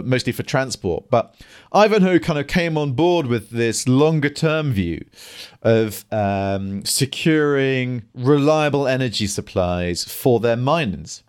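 A man's voice: medium pitch, clean tone. A man hosting an energy podcast, talking casually with lots of restarts and fillers. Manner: hesitant, many restarts and fillers. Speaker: podcast host. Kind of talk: casual discussion and solo commentary.

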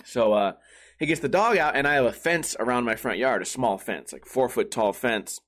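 A man's voice: mid-range voice, animated, normal speed, a bit bright. A young man telling a rambling story in a casual vlog, full of swearing and fillers. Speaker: streamer.

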